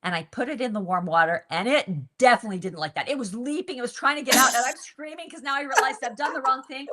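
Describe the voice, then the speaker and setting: A woman hosting a book group interview, chatting casually and telling stories in an animated way, laughing often. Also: high voice, quick pace, a little hiss or hum.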